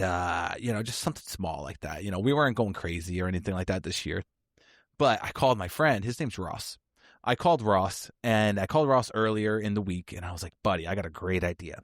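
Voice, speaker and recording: A man hosting a podcast, telling a funny personal story in a casual, animated way and laughing often. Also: lowish voice, no echo, studio quality. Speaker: podcast host.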